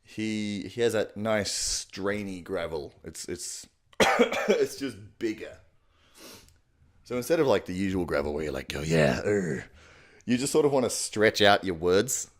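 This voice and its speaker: A man's voice: on the low side, animated, measured pace. A man giving a crude, rambling, self-mocking voice-impression tutorial at home. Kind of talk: casual tutorial. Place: home room at night.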